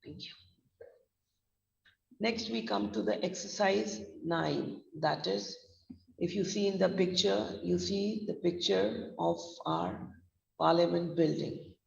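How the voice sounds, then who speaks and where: A woman's voice: lowish voice, lively intonation, slow pace, gravelly, a little mellow. A woman with a Gujarati accent teaching a pronunciation class, who spells words out letter by letter and switches into Hindi. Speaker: pronunciation trainer. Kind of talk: online class lecture. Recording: distant, roomy, muffled lo-fi sound.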